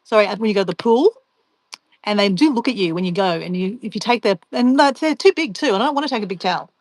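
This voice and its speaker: A woman's voice: medium pitch, lively intonation, fast talker, a little mellow, dry recording. A woman, a travel vlogger chatting casually and playfully with livestream viewers while she packs. She laughs often and talks to herself as she goes. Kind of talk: casual livestream chat reading viewer comments.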